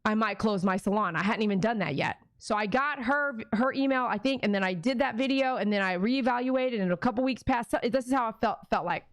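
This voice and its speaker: A woman's voice: on the high side, a little fast, few pauses, no room sound, clean studio sound. A woman who runs a dog grooming business, talking casually and emotionally to her viewers on camera. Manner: chatty, emotional, addresses viewers directly. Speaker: dog groomer and channel host. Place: grooming salon.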